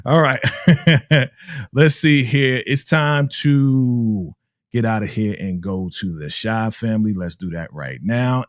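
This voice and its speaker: A man's voice: on the low side, no echo, studio quality. A man hosting a live recap stream who is hyped and repeats his greetings over and over in casual chat.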